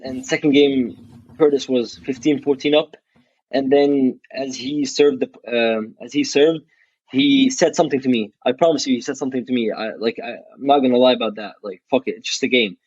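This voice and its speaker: A man's voice: mid-range voice, a little mellow, dry recording. A young man, a college athlete guest, telling a story in a casual interview, frank and blunt, swearing freely and restarting his sentences often. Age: young adult. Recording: dull, dry recording.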